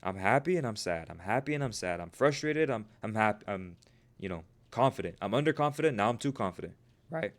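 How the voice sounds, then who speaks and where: With a lowish, animated voice and a brisk pace, a man coaches traders live, responding to chat. He's emphatic and sermon-like, casually calling his viewers "bro" and "you guys" and repeating "right?" often.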